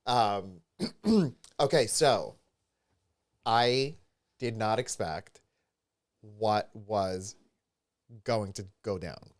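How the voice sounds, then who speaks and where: A podcast co-host with a fairly low voice speaks very slowly, leaving long pauses. Still, he tells his story animatedly in casual chat, voicing the people he quotes, from a studio with a live stream.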